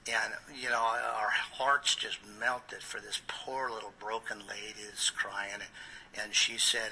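A man who is a pastor, telling a first-person story with intensity, quoting dialogue back and forth and sometimes dropping to a hushed voice. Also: lowish voice, level tone, slow, a little hiss or hum, rough recording.

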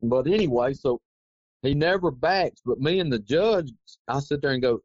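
A man tells his story in a loose, animated, rambling way. His voice sits at an ordinary pitch. The recording is dry and dull, a bit lo-fi. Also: normal speed, dry recording. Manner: rambling, folksy, animated retelling. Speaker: interview guest. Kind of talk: casual anecdotal storytelling.

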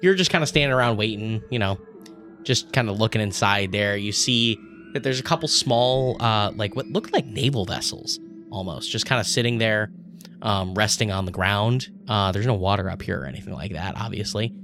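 A man narrating as dungeon master in a relaxed, rambling way with fillers. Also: on the low side, normal speed, over music. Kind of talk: narrating a tabletop game.

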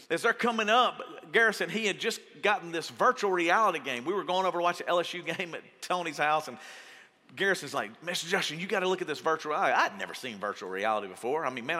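Animated pastor in a reverberant hall. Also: male voice, fairly high pitch. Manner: animated, acts out quoted voices, laughs while telling stories. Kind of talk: storytelling sermon. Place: large church auditorium.

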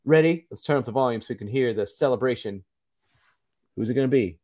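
A man co-hosting a laid-back sports podcast, chatty and upbeat, with a voice of ordinary middle pitch. He laughs easily and keeps the banter rolling at an easy pace. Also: fast talker, a little mellow. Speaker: podcast co-host. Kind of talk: casual sports podcast chat.

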